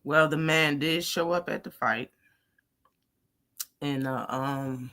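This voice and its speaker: An animated woman with runs a casual boxing live stream. She talks bluntly, laughs easily and answers her viewers one by one. Her voice is bright and clear. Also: deep voice, takes it slowly. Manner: blunt, animated, laughs often, reads out chat. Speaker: boxing talk show host.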